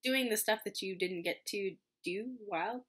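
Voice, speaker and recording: A woman's voice: medium pitch, normal speed, a bit bright, husky. A woman in her twenties, a medical student, telling a story casually to the camera in a chatty way full of fillers and self-mocking remarks. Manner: chatty, filler-heavy, self-deprecating with frequent laughs. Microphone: camera mic, home recording.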